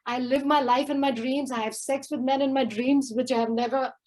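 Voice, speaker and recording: High-voiced woman ranting stand-up comedy. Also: steady tone, a little fast, a little mellow, slight background noise, poor audio. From India. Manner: brash, profane, rambling. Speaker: open mic comedian.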